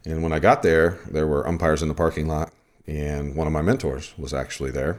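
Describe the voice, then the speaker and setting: A man's voice: very deep voice, a little fast. A man hosting a podcast, telling an umpiring story casually and with energy. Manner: animated retelling of a game story.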